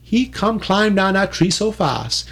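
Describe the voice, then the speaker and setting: Male oral storyteller; dialect, rhythmic repetition, very animated. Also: high voice, a little slow, slightly rough. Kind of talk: oral folk-tale telling.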